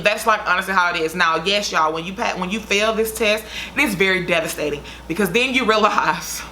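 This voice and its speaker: Chatty dramatic woman vlogger, bright voice. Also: mid-range voice, slight background noise. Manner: chatty, dramatic, talks straight to viewers. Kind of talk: casual storytime vlog.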